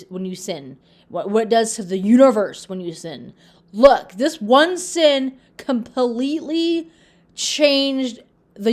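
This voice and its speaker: Earnest woman preaching casually to camera. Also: fairly high pitch. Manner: earnest, repetitive, addresses viewers as "you guys"; many restarts and fillers, acts out quoted lines. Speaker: religious video host. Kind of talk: casual Bible talk to camera.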